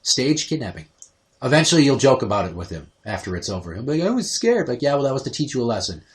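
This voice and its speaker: A man's voice: mid-range voice, quick pace. A man in his thirties hosting a podcast, telling crude stories and acting out what people said. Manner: profane, animated storytelling, acts out quotes. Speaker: podcast host. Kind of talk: crude casual chat.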